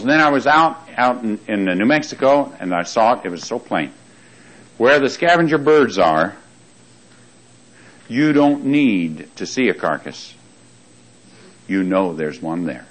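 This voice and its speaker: A man's voice: mid-range voice, fairly bright tone, low-quality recording. A man preaching a sermon who reads scripture aloud, quizzes his congregation and repeats lines for emphasis. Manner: reads scripture aloud in King James wording.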